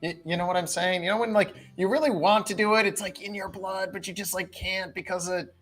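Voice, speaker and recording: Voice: mid-range voice, steady tone, fairly quick, a bit bright, soft background music, voice pushed up, natural voice. A game master voicing a sly, flirty female spirit trapped inside a magic sword, talking casually with lots of fillers. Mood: teasing. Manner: casual, teasing, rambling with fillers.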